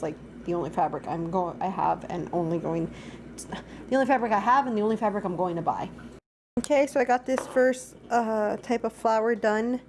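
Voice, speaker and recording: A woman's voice: medium pitch, a little mellow, slight background noise. A young woman chatting through a casual daily vlog at home, rambling and talking to her dogs. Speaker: vlogger. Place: at home, indoors.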